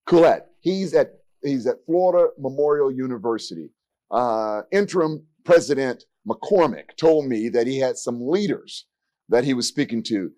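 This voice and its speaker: A man's voice: medium pitch, lively intonation, moderate pace, dark tone, dry recording. A man in his sixties moderating a panel discussion from a podium, with folksy joking asides. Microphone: podium mic.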